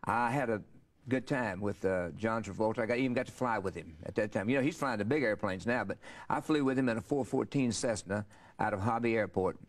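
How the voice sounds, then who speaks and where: Older guy rambling through stories fast, lots of uh's, lowish voice. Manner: rambling, folksy storyteller with many fillers. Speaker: interview guest, country singer. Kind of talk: casual storytelling interview.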